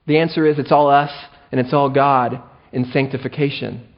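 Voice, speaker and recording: A male pastor preaching a sermon with animated delivery and playful asides, on a dull lo-fi recording. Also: medium pitch, moderate pace.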